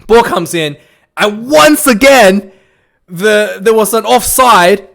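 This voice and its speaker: A man's voice: high voice, lively intonation, slow, creaky, a bit bright. A man giving a casual, rambling recap of a rugby match as a fan reviewer, full of restarts and fillers. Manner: rambling, many restarts and fillers, laughs while retelling.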